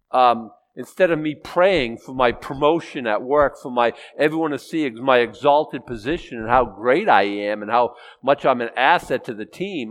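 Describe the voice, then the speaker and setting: A man giving an informal sermon in a conversational way, often restarting his sentences and rising in emphasis. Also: mid-range voice. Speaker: preacher.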